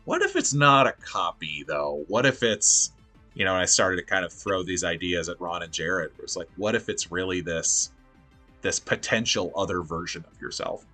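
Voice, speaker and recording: Bright-voiced man, animated and rambling. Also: low-pitched, normal speed, faint music behind. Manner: animated, rambling, laughs often. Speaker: podcast co-host. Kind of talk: casual chat.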